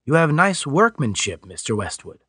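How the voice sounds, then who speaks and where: A man narrating an audiobook voices a calm, perceptive, reserved gentleman who speaks slowly and deliberately. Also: a little high, breathy edge, no room sound, clean studio sound, exaggerated voice. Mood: cool.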